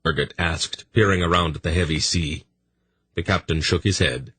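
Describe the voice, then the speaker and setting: Man narrating a fantasy audiobook, very low husky voice, dry close sound. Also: moderate pace, a bit bright, no room sound.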